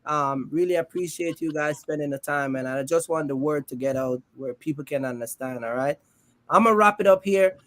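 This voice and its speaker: High-voiced joking livestream host, a man. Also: a little fast, fairly bright tone. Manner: loose and joking, reads the chat aloud, lots of "man" and "you know". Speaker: host of a trucking business livestream. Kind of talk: casual live-stream chat.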